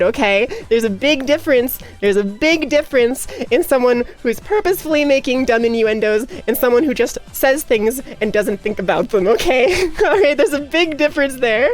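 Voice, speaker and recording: A woman chatting casually on a livestream, giggly and playful. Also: sits high. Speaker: streamer.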